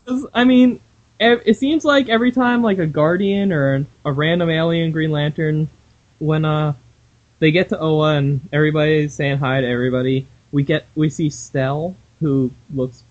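A man's voice: a little high, moderate pace. Joking male podcast co-host, lo-fi sound. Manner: joking, animated, laughs often. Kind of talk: casual comic book podcast chat.

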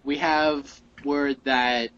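A man co-hosting a podcast, asking questions in a halting way with many fillers. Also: mid-range voice, steady tone, a bit bright, clear, resonant tone. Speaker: podcast co-host. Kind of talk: casual interview questions. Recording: muffled podcast audio.

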